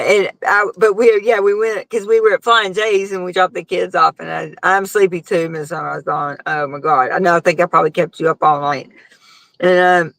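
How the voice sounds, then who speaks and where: A woman's voice: fairly low pitch, creaky, dry recording, rough recording. A middle-aged woman, hosting a casual live chat and telling a long, rambling story full of fillers. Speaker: host.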